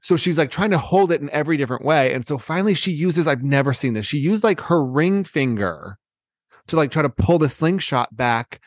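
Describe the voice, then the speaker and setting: Excited rambling man, dry sound. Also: on the high side, a little fast, no echo. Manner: excited rambling storyteller, many fillers. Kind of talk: casual chat.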